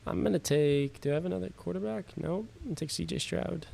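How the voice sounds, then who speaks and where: A man's voice: sits high, fast, creaky, dark tone, slight background noise. A man hosting a fantasy football livestream from his home studio, chatting loosely with viewers, swearing casually and sounding tired and yawning.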